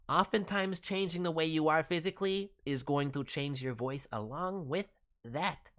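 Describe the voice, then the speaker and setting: This voice actor's high voice sounds pushed and bright as he hands out casual livestream advice on voice work and demos. He keeps it chatty and supportive, peppered with fillers and quick side comments.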